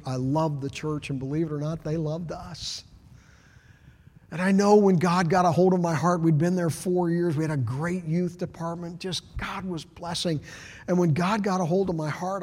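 A middle-aged man preaching a sermon as pastor, swinging from loud shouts down to hushed whispers. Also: fairly high pitch, steady tone, normal speed. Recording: long reverb of a large hall.

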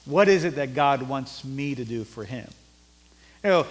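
A male pastor preaching a sermon, rising to loud emphatic peaks and dropping to low, quiet passages. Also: animated, moderate pace, in a large hall.

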